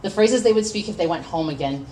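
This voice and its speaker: A young woman poet with a low voice performs spoken word at a café open mic, switching between awkward self-deprecating chatter and impassioned verse. She is picked up from across the room, with a faint hum of ambience underneath. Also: lively intonation, fast talker, mellow, recorded from a distance, poor audio. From United States.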